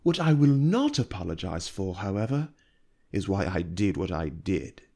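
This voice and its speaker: A man reading aloud and voicing a cold, calculating noblewoman who speaks slowly and quietly with open disdain. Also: deep voice, big pitch swings, full character voice. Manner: slow, hushed, icy and disdainful.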